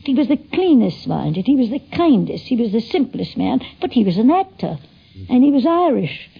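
A woman's voice: fairly high pitch, sing-song, normal speed, creaky, breathy edge. An older woman telling a personal story in a chatty way, acting out the dialogue as she quotes people. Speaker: interviewee recalling a friend. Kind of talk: spoken reminiscence. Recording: dull lo-fi archive recording.

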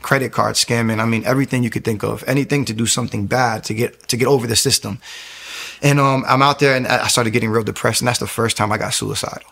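A man's voice: medium pitch, steady tone, fast talker, vocal fry, a bit bright. A young man giving a candid, earnest personal testimony, often stopping and restarting his sentences.

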